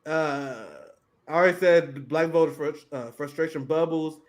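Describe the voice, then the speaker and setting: A man's voice: fairly high pitch, steady tone, moderate pace. A man in his thirties co-hosting a political show, reading headlines aloud and mocking them with sardonic, profane asides. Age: 30s. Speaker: podcast co-host. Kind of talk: casual political commentary.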